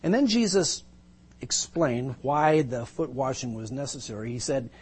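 A man's voice: mid-range voice, moderate pace, breathy edge. A male pastor preaching a sermon, retelling a Bible story vividly and with emphasis, pulling listeners into the scene.

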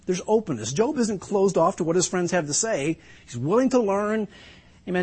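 A middle-aged preacher with a husky, slightly high voice speaks earnestly and reflectively. He leans hard on certain lines for emphasis. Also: lively intonation, normal speed, darkish tone. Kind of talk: sermon.

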